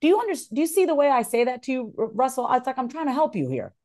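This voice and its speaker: A woman's voice: sits high, racing. A woman who works as a voiceover artist, speaking expressively as an interview guest and acting out example phrasings. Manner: animated, acts out example phrasings.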